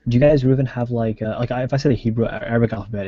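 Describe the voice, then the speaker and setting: A man's voice: mid-range voice, fairly even intonation, rapid-fire, hardly any pauses, dark tone, no room sound, lo-fi sound. A man co-hosting a casual discussion on a video call, talking chattily with lots of "like" and fillers. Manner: chatty, filler-heavy, many likes. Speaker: co-host.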